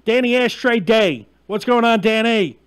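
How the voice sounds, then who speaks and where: A man's voice: sits high, unhurried, smooth. A man, hosting a live online show in a profane, mocking rant and calling out names from the chat. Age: 40s. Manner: ranting, profane, mocking and emphatic; gets loud and heated, then drops back to chatting with viewers. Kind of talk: ranting live-stream monologue.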